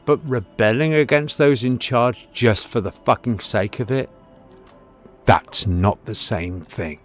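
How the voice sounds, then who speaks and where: A man's voice: mid-range voice, unhurried, soft background music. A man streaming live, telling a rambling, profane story and lecturing his chat, repeating himself for emphasis. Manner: storytelling, preachy.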